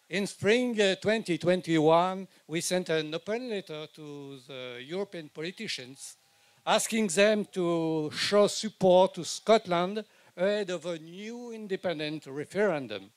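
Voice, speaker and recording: An older man with a French accent, giving a halting rally speech full of hesitations. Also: high-pitched, no room sound. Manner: hesitant, halting with many fillers. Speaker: rally speaker.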